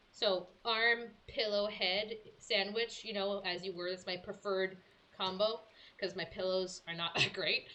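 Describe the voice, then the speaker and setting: A young woman streamer telling a story in casual chat, animated and acting out her own quotes. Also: a little high.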